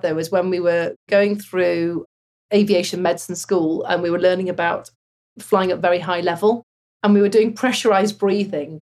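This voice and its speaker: A woman with a slightly breathy voice talks through her years as a fighter pilot. She tells it casually and animatedly, with bursts of laughter. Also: medium pitch. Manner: animated, laughs while telling stories. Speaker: former fighter pilot guest. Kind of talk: casual interview storytelling.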